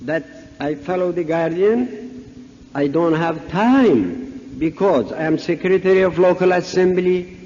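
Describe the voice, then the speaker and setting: A man's voice: high-pitched, expressive, measured pace, a little mellow. A man from Iran with a Persian accent, a native Persian speaker, giving a humorous talk at a conference and acting out the dialogue in his stories. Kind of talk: anecdotal religious talk. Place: large conference hall. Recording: dull echoey hall recording, faint hiss.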